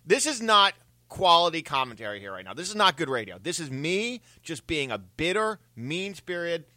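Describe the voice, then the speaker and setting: A man's voice: on the high side, very animated, moderate pace, pushed and bright, no room sound. A man co-hosting a sports radio show, self-mocking and laughing often as he stammers through his points. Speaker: radio co-host. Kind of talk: casual radio banter.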